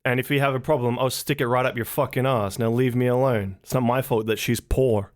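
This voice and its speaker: A man's voice: mid-range voice, fairly even intonation, brisk, close to an everyday voice. A man voicing a foul-mouthed alcoholic male dwarf, talking in a brash, crude way. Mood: belligerent.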